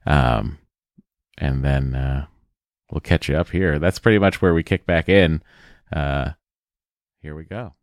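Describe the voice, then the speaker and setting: A man's voice: very deep voice, unhurried, pauses often, dry recording, studio quality. A man co-hosting a podcast, chatting casually and joking, rambling with fillers. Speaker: podcast co-host. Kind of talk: casual chat.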